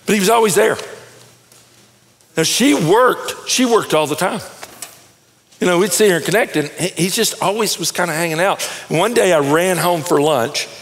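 A middle-aged man with a slightly high, gravelly voice gives a sermon full of anecdotes. He talks in an animated, conversational way and stumbles over repeated words as he starts his phrases. His voice carries a long hall reverb. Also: moderate pace. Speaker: pastor. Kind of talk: sermon with storytelling.

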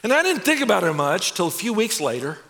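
A man performing a theatrical stage monologue, expressive and animated, with nervous, self-mocking laughs. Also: high voice, quick pace. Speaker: stage storyteller. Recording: long hall reverb.

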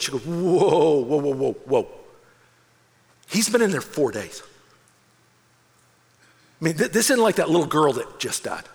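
A man preaching a sermon as an animated storyteller, acting out the voices in his story and dropping to a hush for solemn moments. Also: a little high, in a large hall. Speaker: pastor.

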